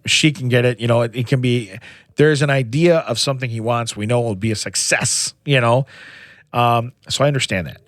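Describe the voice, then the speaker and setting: A man's voice: medium pitch, dry recording, clean studio sound. A middle-aged man co-hosting a podcast, telling a long family story in casual chat with many restarts and "you know"s. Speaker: podcast co-host.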